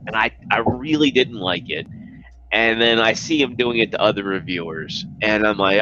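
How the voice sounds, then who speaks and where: A man's voice: lowish voice, animated, normal speed, bright, forceful tone, highs cut off, slight background noise. A man chatting casually as a guest on a livestream, rambling and swearing, full of fillers. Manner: rambling, profane, filler-heavy.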